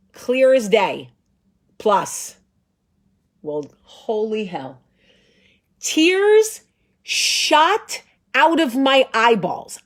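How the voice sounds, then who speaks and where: A woman in her thirties hosting a show, telling a comic story in a dramatic, profane, emphatic way. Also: medium pitch. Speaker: show host. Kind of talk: comedic storytelling.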